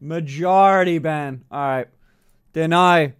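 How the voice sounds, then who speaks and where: A man streaming casually to his chat, swearing freely, laughing often and breaking into loud excited outbursts. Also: fairly high pitch, takes it slowly, clean tone. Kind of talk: casual live-stream reaction.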